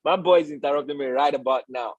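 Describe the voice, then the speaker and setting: A man with a husky, slightly breathy voice teaches a live trading lesson. The sound is dry and close. He talks in a preachy way, keeps checking in with "all right?" and answers his own questions. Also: mid-range voice, fast talker, no room sound, lo-fi sound. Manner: asks the audience rhetorical questions. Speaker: trading educator and stream host. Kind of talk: live-stream market lesson.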